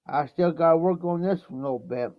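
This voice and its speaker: Talking fast in a slightly high voice, a man from Ohio rattles through a rambling livestream anecdote, repeating "I said" and "he says" often. The recording is dry, and the stream audio is dull and lo-fi.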